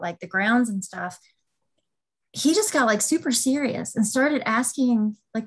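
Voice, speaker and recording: A podcast co-host tells a story in a chatty way, full of ums and restarts. Her voice is fairly high, and the recording quality is low.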